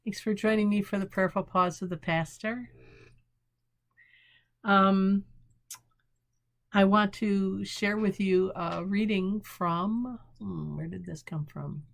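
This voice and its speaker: A woman pastor giving a short prayerful devotional talk, gentle and unhurried, reading a devotion slowly and searching for words as she reflects. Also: mid-range voice, fairly even intonation, creaky.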